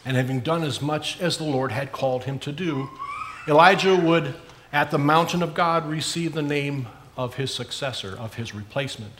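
A man preaching a sermon in an earnest way, rising for emphasis and dropping soft at the ends of phrases. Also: fairly high pitch, moderate pace, a little hiss or hum.

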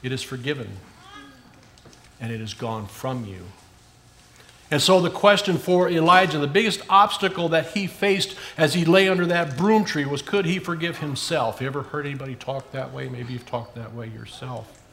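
A man preaching a sermon in an earnest way, rising for emphasis and dropping soft at the ends of phrases. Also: on the high side, normal speed, creaky, a little hiss or hum.

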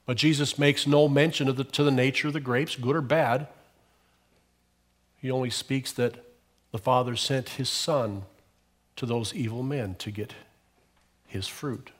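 A man's voice: steady tone, unhurried, long pauses. Male pastor, church sermon, swells and falls, story-led. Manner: storytelling preacher, swelling louder on key phrases and dropping low at ends.

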